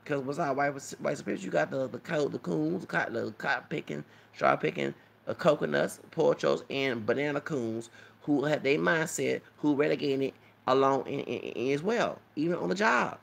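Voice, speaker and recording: A man's voice: fairly high pitch, moderate pace, gravelly. A man talking in a rambling commentary vlog, lecturing and often asking "okay?" and "you know what I'm saying?". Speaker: YouTube commentator.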